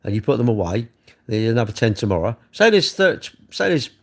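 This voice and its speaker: A man's voice: mid-range voice, big pitch swings, fairly quick, creaky. Man grumbling through a rambling late-night phone livestream. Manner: chatty, self-mocking, grumbling. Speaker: livestream host. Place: bedroom at night.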